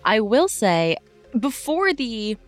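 A woman's voice: on the high side, very animated, slow, dry recording, faint music behind. A young woman co-hosting a podcast in casual chat, skeptical, with dry asides and frequent laughter. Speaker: podcast co-host.

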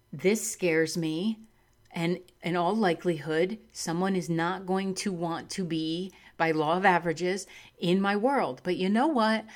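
A middle-aged woman with a fairly low voice gives a reflective spiritual talk. She sounds earnest and open and laughs easily. She leans hard on the words she wants to land. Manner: earnest and warm, laughs easily, lively emphasis. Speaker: spiritual speaker.

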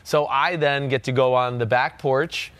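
A man's voice: medium pitch, fairly even intonation, unhurried, a bit bright, smooth, no echo. A middle-aged man from New Jersey hosting a casual sports talk show, easygoing and chatty. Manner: easygoing, chatty, laughs at himself. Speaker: podcast host.

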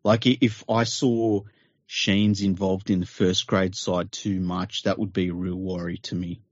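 A man's voice: sits low, little pitch movement, a little slow, dry recording. A man, co-hosting a sports chat show, asking eager questions. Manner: questioning, enthusiastic. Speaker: podcast co-host. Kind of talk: casual chat. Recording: dull lo-fi audio.

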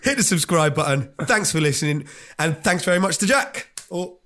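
Guy hosting a podcast, bit high voice, rambly and jokey. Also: animated, normal speed, fairly bright tone. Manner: chatty and joking, many fillers. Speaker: podcast host. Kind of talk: casual podcast chat.

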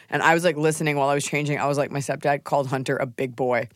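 A woman's voice: extremely low pitch, steady tone, very fast, no room sound. Woman podcast host, comedian, joking and rambling, close dry studio mic. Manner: chatty, joking, talks while snacking. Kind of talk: casual podcast chat. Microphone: studio microphone.

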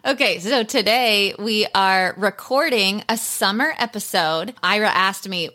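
A woman in her thirties hosts a podcast in a bright, sharp-toned voice. She talks in an upbeat, lighthearted and quick way, like casual chat with friends. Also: medium pitch. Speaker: podcast host.

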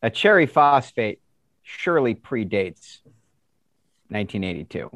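A man co-hosting a podcast, tossing in quick sarcastic quips. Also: fairly low pitch, sing-song, fairly bright tone, no echo. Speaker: podcast co-host. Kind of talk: casual chat.

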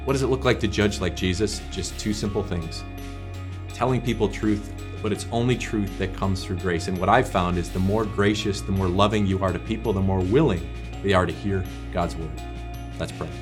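A man's voice: deep voice, normal speed, over music. A male pastor teaching a short devotional in an earnest, conversational way, with prayers.

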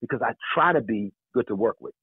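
A man, an actor and guest, joking and telling animated stories in a casual interview. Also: medium pitch, quick pace, breathy edge, no room sound. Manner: animated, joking, laughs often. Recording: phone-line sound.

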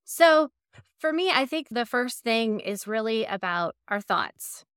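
A woman's voice: on the high side, lively intonation, measured pace, fairly bright tone, clear, resonant tone, no echo, studio quality. A woman from Ohio, a podcast guest, speaking earnestly and reflectively as she gives coaching advice. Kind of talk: conversational interview advice.

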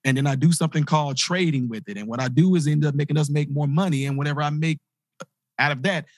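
Man, motivational speaker, husky, fairly high voice, dry close sound, animated storytelling. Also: quick pace, no echo. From grew up in inner-city projects. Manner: animated, acts out quoted voices. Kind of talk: storytelling talk.

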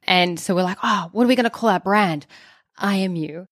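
A woman, a podcast co-host telling her story in an animated, fast way with many restarts. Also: mid-range voice, no room sound, studio quality.

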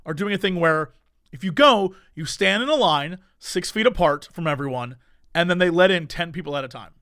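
A young man with a high, bright, forceful voice tells a story in casual chat. He is animated and slips into voices for the people he quotes. The sound is dry and close. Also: fairly quick, no echo.

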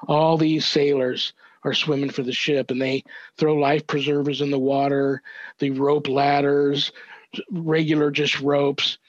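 An older man, a reverend, earnestly recounting a family story as a podcast guest, measured and thoughtful with small restarts. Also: a little high, little pitch movement, no echo. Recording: dull, dry lo-fi audio.

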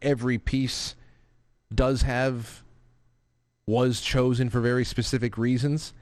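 A man's voice: medium pitch, flat delivery, slow, darkish tone, no room sound. A man hosting a casual live talk show who reads out viewer messages and rambles with restarts and profane asides. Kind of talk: casual live-stream talk, reading super chats.

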